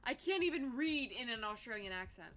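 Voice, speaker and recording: A woman co-hosting a casual chat show, bantering quickly and pushing back with quick retorts. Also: fairly high pitch, expressive, fairly bright tone. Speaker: podcast co-host.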